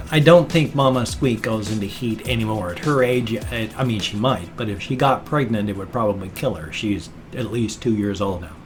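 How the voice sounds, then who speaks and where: A middle-aged man chatting casually in a daily home vlog, rambling and playful with deadpan jokes, recorded on a webcam. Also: mid-range voice. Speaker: daily vlogger. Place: at home, indoors.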